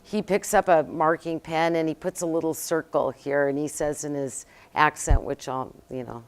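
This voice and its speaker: A middle-aged woman, a company co-founder, telling her business story in an animated, conversational interview. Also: sits low, normal speed. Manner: animated storyteller, acts out quotes.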